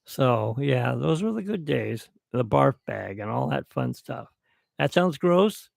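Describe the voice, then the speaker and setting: Slow, gravelly man rambling on a podcast. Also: mid-range voice, expressive, no room sound, clean studio sound. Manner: rambling, reminiscing, with restarts. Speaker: podcast host. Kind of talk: rambling solo podcast toast. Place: at home, alone.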